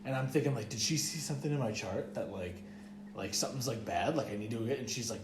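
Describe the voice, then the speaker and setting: A man's voice: mid-range voice, quick pace, noisy background. A young man in casual podcast chat, spinning a long rambling story in a mid-range voice. He swears freely and leans on "like" every few words. His voice bounces around an echoey room. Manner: rambling, profane, heavy use of "like". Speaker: podcast co-host.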